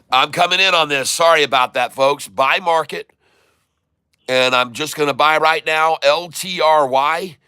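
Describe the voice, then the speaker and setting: A man talks through his live stock trades and calls out each price and fill as it happens. His voice is bright and smooth. The sound is dry and close. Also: fairly high pitch, dry recording. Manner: running commentary, repeating tickers slowly. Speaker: stock trading streamer. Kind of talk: live day-trading commentary.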